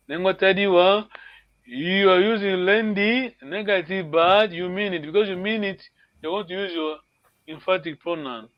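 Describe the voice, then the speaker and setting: A man's voice: high voice, no echo, lo-fi sound. A man teaching a language class online, correcting students patiently and encouraging them.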